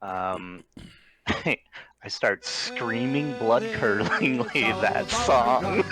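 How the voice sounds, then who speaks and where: A man's voice: mid-range voice, big pitch swings, extremely slow, over music. A man playing in a tabletop game, asking about the rules and giggling sheepishly at his own antics. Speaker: player. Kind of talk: casual tabletop play.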